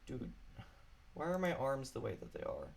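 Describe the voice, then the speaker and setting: A man's voice: mid-range voice, wildly swooping pitch, moderate pace, creaky. A man chatting casually while streaming a game alone at his computer, apologetic and rambling.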